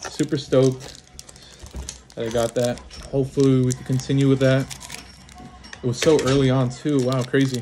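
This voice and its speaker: A man giving casual unboxing commentary as he opens trading card packs, reading off cards one by one and breaking into excited exclamations and quick apologies. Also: mid-range voice, noisy background. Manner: names cards one after another, bursts into excited exclamations, apologizes often. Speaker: trading card pack opener.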